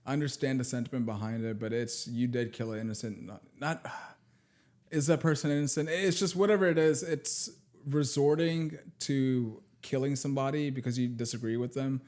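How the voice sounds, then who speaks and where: A male podcast co-host chatting casually at a middle pitch. He is easygoing, laughs readily, and keeps chiming in with short replies while his partner talks. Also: steady tone, darkish tone. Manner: easygoing, quick to laugh and chime in. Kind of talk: casual chat.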